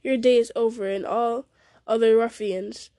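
A woman voicing a quiet, composed male hobbit in a story she reads aloud. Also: on the high side, fairly even intonation, normal speed, no room sound, lightly acted. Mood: calm.

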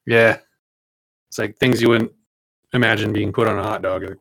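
A man with a fairly low voice chats casually on a podcast, cracking jokes and laughing easily. The recording is dry and close, with no room sound. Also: steady tone, normal speed, vocal fry, fairly bright tone, dry recording, low-quality recording. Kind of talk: casual chat.

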